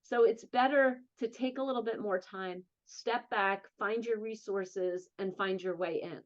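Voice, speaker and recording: A woman's voice: mid-range voice, lo-fi sound. A woman with a New Jersey accent, an interview guest and advocate, telling her own story candidly and emphatically. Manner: earnest, emphatic, quick bursts of speech.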